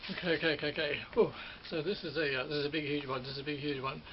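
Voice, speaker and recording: In a slightly high voice with a steady tone, a middle-aged Australian man talks rapid-fire about his old job as a ride operator. The reminiscence is casual and rambling, with frequent repetition and self-correction. The recording has a dull sound and faint hiss.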